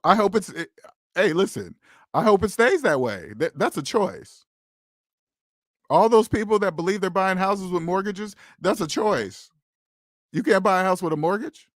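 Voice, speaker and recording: A man's voice: high voice, expressive, moderate pace, fairly bright tone, dry recording, studio quality. A man hosting a finance channel, talking to viewers in a casual, emphatic monologue full of rhetorical questions and repeated "okay?".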